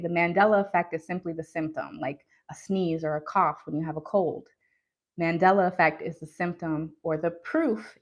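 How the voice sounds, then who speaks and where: Answering her chat during a live tarot stream, a woman speaks earnestly and casually to viewers about spiritual practices. Her voice runs low, and she fills her talk with plenty of ums and you-knows.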